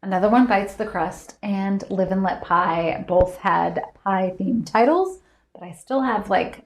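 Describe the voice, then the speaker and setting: A woman's voice: mid-range voice, unhurried, reverberant. Bubbly woman hosting live trivia. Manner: bubbly, laughs often, reads viewer answers aloud. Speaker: host of a live trivia stream. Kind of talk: casual live-stream chat.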